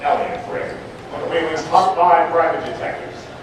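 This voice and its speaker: An actor playing a cocky, bumbling private detective with swaggering, hard-boiled bluster in a live dinner-theatre comedy. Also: male voice, on the high side, fairly even intonation, normal speed, natural voice. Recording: echoey room from far off, music and noise.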